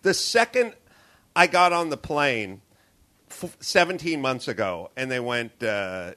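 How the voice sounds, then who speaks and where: A man's voice: medium pitch, expressive, moderate pace, pushed and bright. A man hosting a casual podcast, ranting and swearing as he tells a story and acts out the dialogue in it. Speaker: podcast host. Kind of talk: casual chat. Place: hotel room.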